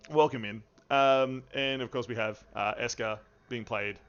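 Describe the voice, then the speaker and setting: A man's voice: mid-range voice, steady tone, measured pace, fairly bright tone, clear, resonant tone. A man hosting a livestreamed tabletop game as game master, playful and rambling as he welcomes players and chat. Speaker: game master and stream host. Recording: dull lo-fi stream audio.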